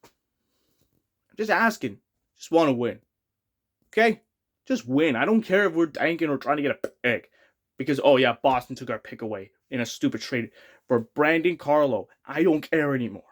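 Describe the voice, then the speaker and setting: A man's voice: medium pitch, expressive, normal speed. A young man ranting as a frustrated sports fan vlogger, exasperated and repeating himself.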